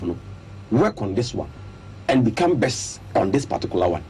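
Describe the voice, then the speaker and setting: This man's voice sits on the low side and moves at a normal speed, with slight background noise in the radio studio recording. Speaking with a Ghanaian accent in a Twi-English mix, he delivers lively, forceful sports talk, listing his arguments in turn.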